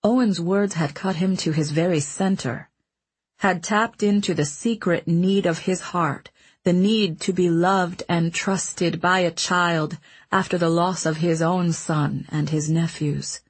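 A woman narrating an audiobook in a measured, expressive storytelling manner. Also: on the low side, husky.

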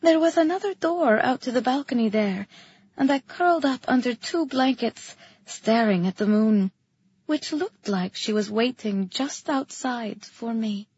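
A woman with a high, breathy voice reads a first-person fantasy story with dramatic, expressive delivery. The sound is dry and close, with a dull, lo-fi recording quality. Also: unhurried. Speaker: audiobook narrator.

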